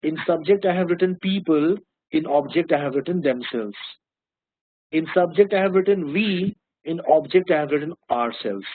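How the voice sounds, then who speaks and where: A man with an Indian English accent teaches grammar in a patient classroom manner, repeating terms and pausing to check on his students. His voice sits high and a little husky. The sound is dry and thin, like a phone line. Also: animated, no echo. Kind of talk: classroom-style lesson.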